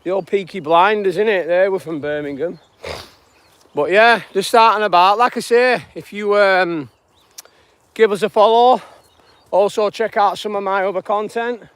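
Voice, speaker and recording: A man's voice: high-pitched, moderate pace, a bit bright, clean tone, no echo. A man, chatting casually on a live-stream walk through outdoor fields, greeting viewers and musing about life. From northwest England. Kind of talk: rambling live walk-and-talk.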